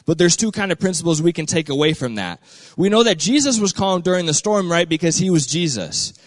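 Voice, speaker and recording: A man's voice: a little high, animated, brisk, no echo. A young man preaching in a casual, chatty way, full of slang, who acts out the quoted lines in a raised voice. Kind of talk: casual sermon.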